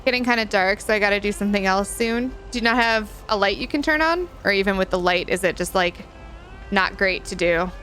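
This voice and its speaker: A woman's voice: medium pitch, a little fast, a bit bright, soft background music. A woman live-streaming a video game in casual chat, reading and answering her viewers and giggling often.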